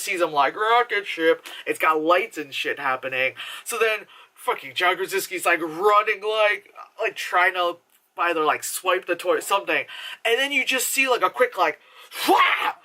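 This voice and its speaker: A woman's voice: fairly low pitch, moderate pace. A young woman casually reviewing a film, rambling and swearing freely with lots of filler words, often laughing as she retells scenes. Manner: laughs while talking, animated retelling. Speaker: movie reviewer.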